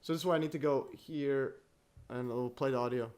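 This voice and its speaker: A man hosting a livestream in casual chat, halting and full of restarts, chuckling often as he talks. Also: medium pitch, steady tone, a little mellow. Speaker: livestream host.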